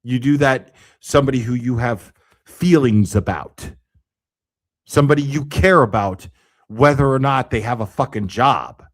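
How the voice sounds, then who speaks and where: A man's voice: medium pitch, measured pace. A man giving casual ranting commentary, swearing freely and sounding sarcastic and exasperated.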